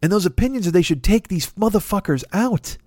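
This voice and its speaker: A man rants in a comedic podcast monologue, exasperated and swearing, tripping over his own restarts. His voice sits a little high for a man. The sound is dry and close, with no room around it. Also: expressive, brisk, a little mellow, no room sound. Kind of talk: profane comedic rant.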